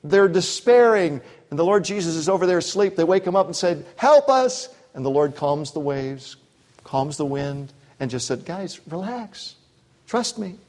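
Preaching an expository sermon at a moderate pace, this pastor has a slightly high voice with a darkish tone. He keeps it conversational, breaking into asides and acting out quotes.

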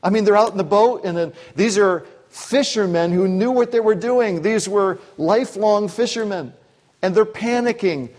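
A man's voice: high voice, moderate pace, darkish tone. A man preaching a sermon in a conversational way, with asides and acted-out quotes. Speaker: pastor. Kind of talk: expository sermon.

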